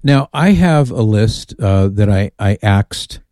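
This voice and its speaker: A man's voice: lowish voice, animated, takes it slowly, mellow, no room sound, clean studio sound. A man hosting a call-in radio show, chatting in an amused way and reading listener emails aloud.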